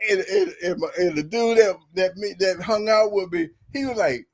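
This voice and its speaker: A man with a notably high speaking voice tells a story in casual podcast chat. He acts out each quoted line as he goes and breaks into laughter along the way. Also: normal speed. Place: podcast studio.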